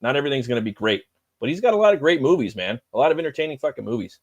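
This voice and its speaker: Racing along with big swings in pitch, a middle-aged livestream host chats loosely and swears freely, using plenty of filler words. His mid-range voice is recorded dry.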